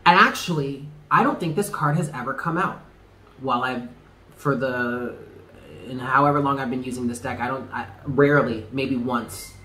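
A man's voice: medium pitch, normal speed, pushed and bright. A man giving a casual tarot reading to his viewers, effusive and emphatic, swearing freely and laughing often. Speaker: tarot reader. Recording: echoey room with faint background noise.

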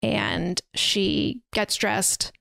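A woman's voice: medium pitch, steady tone, very slow, gravelly, fairly bright tone, dry recording. Chatty woman podcaster, dry close sound. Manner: rambling, filler-heavy storytelling with lots of "like" and "um". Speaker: podcast co-host. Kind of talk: casual chat recapping a horror film. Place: podcast recording setup.

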